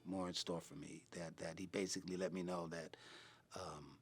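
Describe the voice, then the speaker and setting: A man in his fifties from California gives a personal testimony as a ministry program graduate, talking in an earnest, casual way with slang and many halting repeated words. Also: deep voice, little pitch movement, a little hiss or hum. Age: 50s.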